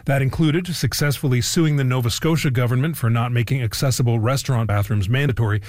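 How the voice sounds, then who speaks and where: A man reading a scripted radio news story in a measured, even way. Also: medium pitch, no echo, clean studio sound. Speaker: news host.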